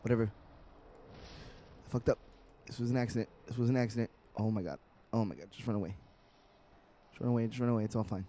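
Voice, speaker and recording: A man's voice: medium pitch, fairly even intonation, fast talker, pauses often, warm tone. A man giving casual, profane live commentary while playing a video game, chatting to himself and to the game. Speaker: streamer.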